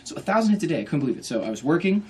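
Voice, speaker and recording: A man in his thirties telling a comic story to a bookstore audience, quick and laughing often, acting out the people he quotes. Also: fairly high pitch, very animated, a little hiss or hum. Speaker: author giving a bookstore talk. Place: bookstore event.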